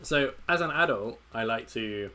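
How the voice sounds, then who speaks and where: A man hosting a casual chat show, easygoing and quick to laugh. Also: medium pitch, animated, pushed and bright, faint music behind.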